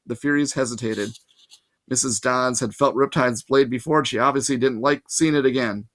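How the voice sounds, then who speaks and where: A man's voice: medium pitch, moderate pace, fairly bright tone. A man, possibly a teacher, reading a novel aloud to his listeners in plain first-person narration with casual asides. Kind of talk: storybook read-aloud.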